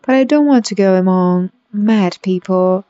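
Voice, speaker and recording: A woman's voice: mid-range voice, a little slow, dark tone, no room sound, lightly acted. A woman voicing a polite, earnest young girl in a storybook reading, on a dull lo-fi recording.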